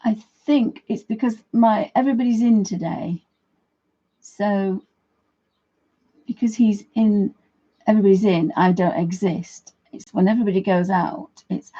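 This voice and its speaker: A woman demonstrates watercolour techniques on a live stream, talking casually and greeting viewers as she works. Her voice is mellow and a little husky, and she often restarts her sentences. The audio is dull and lo-fi. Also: medium pitch, fairly even intonation, normal speed. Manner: chatty, friendly asides to viewers, trailing restarts. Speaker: art tutor, livestream host.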